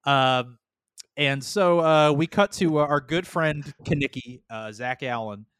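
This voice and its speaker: A man's voice: medium pitch, measured pace, fairly bright tone, clean tone, no room sound, studio quality. A man co-hosting a casual podcast chat, rambling and joking with frequent swearing. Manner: rambling, profane, jokey. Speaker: podcast co-host.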